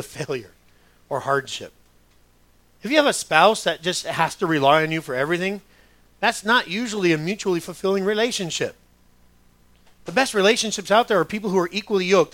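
A man's voice: on the high side, a bit bright. A middle-aged man preaching a sermon as a pastor, talking conversationally with joking asides and putting on other voices.

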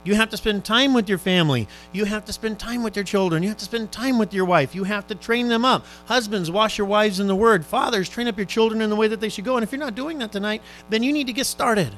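A male preacher delivering a sermon, exhorting his listeners fervently and swinging between loud urgent appeals and hushed, quiet questions. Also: sits high, fast talker, hardly any pauses, faint music behind, low-quality recording.

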